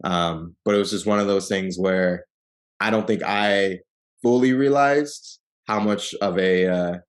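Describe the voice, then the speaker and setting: Man, fairly low voice, podcast guest, casual storytelling, lots of "like" and "um". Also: unhurried. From Seattle, Washington. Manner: relaxed storyteller who acts out quoted people with lively jumps in pitch; frequent fillers like "like" and "um".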